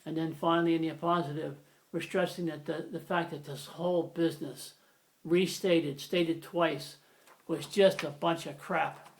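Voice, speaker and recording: A man's voice: on the high side, steady tone, normal speed. A man giving an informal, rambling grammar lesson, often correcting himself as he explains. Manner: rambling, self-correcting, conversational. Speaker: grammar teacher.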